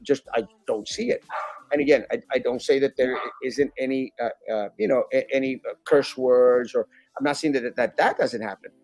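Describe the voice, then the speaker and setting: A man's voice: medium pitch, moderate pace, no room sound. A man, a guest on a talk show, talking casually and with feeling, often restarting his sentences. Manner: animated, acts out critics in mocking voices; many restarts and fillers. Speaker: guest, sitting school board member.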